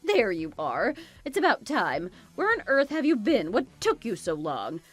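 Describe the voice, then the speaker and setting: A woman's voice: on the high side, huge pitch swings, measured pace, faint music behind, full character voice. Woman playing a bossy, spiteful mother-in-law. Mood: scolding. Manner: scolding, contemptuous, bossy. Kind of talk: dramatized story voice acting.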